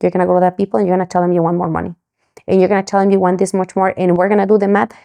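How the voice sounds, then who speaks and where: Speaking in rapid-fire bursts, this middle-aged woman from Mexico has a lowish, gravelly voice. She's a guest on a podcast, animatedly recounting a story in interview form and voicing the dialogue of the people in it.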